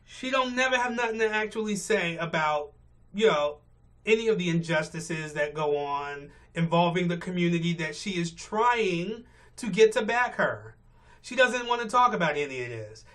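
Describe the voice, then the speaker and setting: A man's voice: high-pitched, animated, moderate pace, fairly bright tone. A male vlogger giving blunt, profane, exasperated rant commentary from his car on a morning commute. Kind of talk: ranting commentary.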